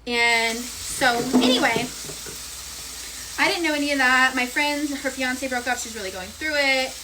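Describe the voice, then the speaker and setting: A young woman in her twenties casually telling a storytime vlog, animated and chatty as she retells what happened. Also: high-pitched, a little slow, heavy background noise.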